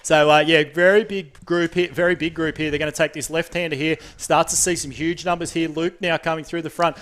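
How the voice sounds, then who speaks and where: Man, cycling commentator, quick play-by-play, fairly high voice. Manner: quick play-by-play, rises in excitement at sprints. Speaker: race commentator. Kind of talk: sports commentary.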